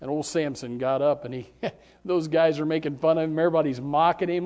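High-voiced man preaching with dramatic swings. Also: fairly quick. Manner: dramatic swings from near-whisper to shouting; repeats words and restarts in bursts. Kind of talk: sermon.

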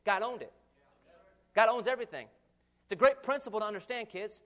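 A man in his twenties preaching a sermon in an animated way, acting out quoted voices and chuckling often. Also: sits high, brisk. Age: 20s.

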